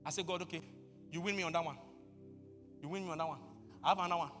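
A pastor preaching a sermon, bursting into shouts and acting out conversations with God. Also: male voice, fairly high pitch, steady tone, racing, in a large hall, music in the background. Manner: acts out dialogues with God.

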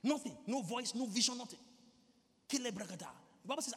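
A preacher with a notably high voice delivers a sermon in a big hall, where a long reverb trails each phrase. He swings between quiet, intimate urging and loud, climbing outbursts, and drops into whispered prayer in tongues. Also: animated, fast talker. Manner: mimics stammering, prays in tongues.

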